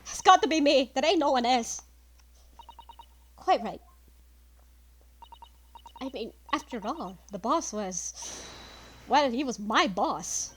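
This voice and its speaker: A woman voicing a brash young woman detective in a story game, rough and cocky. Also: fairly high pitch, animated, slow pace, pauses often, soft background music. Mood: determined.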